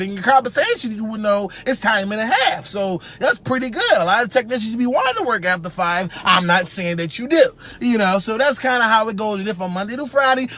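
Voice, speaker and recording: Man doing an older male hiring manager, rambling, patronizing, high voice, phone mic. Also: bright, forceful tone, heavily acted. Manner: rambling, filler-heavy, chummy and patronizing. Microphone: phone held at arm's length.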